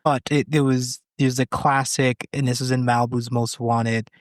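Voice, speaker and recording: An enthusiastic man co-hosts a casual conversation and talks about comedy with real energy. His voice is middle in pitch and recorded dry and close. Every so often he slips into acting out lines from sketches. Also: level tone, normal speed, no room sound. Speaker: podcast co-host.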